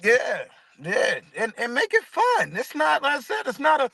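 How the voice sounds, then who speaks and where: A man's voice: extremely high pitch, wildly swooping pitch, moderate pace, vocal fry, bright, forceful tone, no echo. A man leading a casual spiritual discussion and guided stretching, laid-back and slangy, swearing casually. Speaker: discussion leader.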